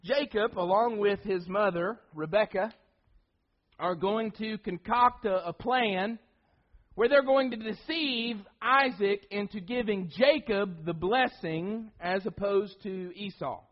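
A man's voice: sits high, slow pace, muffled recording. A man preaching a sermon, emphatic, often repeating words and restarting phrases.

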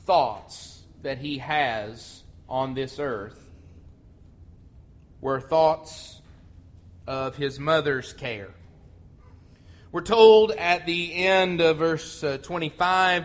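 Male pastor, fairly high voice, slow deliberate sermon delivery, muffled lo-fi audio. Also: fairly bright tone. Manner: slow, earnest preaching with repeated restarts. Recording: muffled lo-fi sound.

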